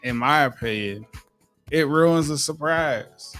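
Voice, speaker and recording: A man's voice: on the high side, slow pace, faint music behind. A big, tall man co-hosting a podcast, telling a story casually and acting out the quotes he retells. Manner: animated storyteller, acts out quotes. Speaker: podcast co-host.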